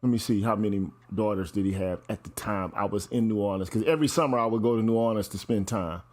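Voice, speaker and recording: A man's voice: fairly low pitch, fast, a little mellow. A man from St. Louis in casual podcast chat, telling long stories with lots of swearing and "you know what I'm saying.".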